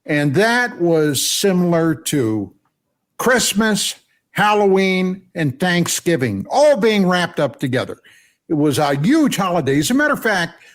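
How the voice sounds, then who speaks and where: Slow, animated older man telling a story. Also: a little high. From Pennsylvania, USA. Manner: animated storyteller, often asks "okay?". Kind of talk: telling a personal story on radio.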